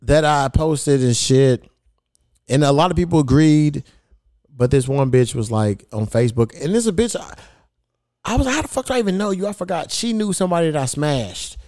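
A man hosting a casual podcast chat, telling stories in an animated, profane way. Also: a little high, moderate pace.

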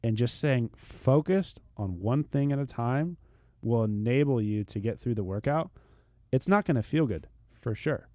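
A man's voice: medium pitch, lively intonation, normal speed, warm tone, no echo, clean studio sound. A man speaking as a fitness expert on a podcast, earnest and motivational, often repeating words as he starts a thought. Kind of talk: podcast chat.

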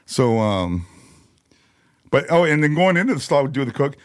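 Male podcast guest, mid-pitched, rambling anecdote style, dry close studio sound. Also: big pitch swings, normal speed, no room sound. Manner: rambling, loose, full of "you know" and "like". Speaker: guest musician. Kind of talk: casual storytelling conversation.

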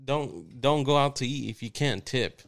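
A man's voice: mid-range voice, normal speed, creaky. A man co-hosting a casual podcast, blunt and heated, cursing freely and cracking jokes. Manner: heated, profane and blunt, joking. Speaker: podcast co-host.

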